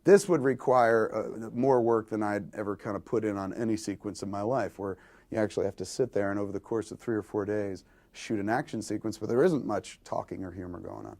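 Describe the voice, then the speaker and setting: A film director in an interview, telling a long story in a rambling, self-deprecating way and acting out quoted dialogue. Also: male voice, fairly low pitch, a little fast, darkish tone.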